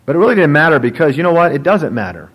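A man, a pastor, preaching a sermon in an animated, joking storytelling manner. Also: a little high, rapid-fire, breathy edge, rough recording.

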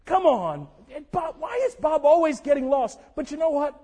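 Animated male preacher, very high voice, echoing church hall. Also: moderate pace. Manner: animated, conversational preaching with sudden shouts. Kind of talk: sermon. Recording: long echo of a large hall.

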